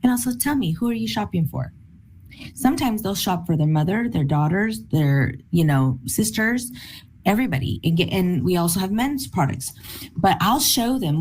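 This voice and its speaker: A woman teaching a sales training session in a lively, enthusiastic, bubbly way, often with a laugh. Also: medium pitch, moderate pace.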